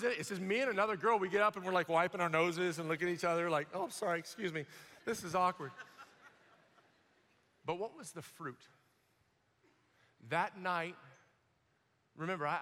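A young man preaching a sermon, telling a personal testimony with animated storytelling, acting out voices and shouting at the high points. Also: in a large hall.

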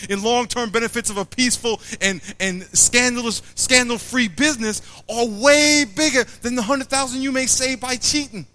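A man preaching a sermon to a live audience, acting out little scenes, repeating himself and quizzing the crowd. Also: very high-pitched. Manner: animated, acts out little scenes and quotes.

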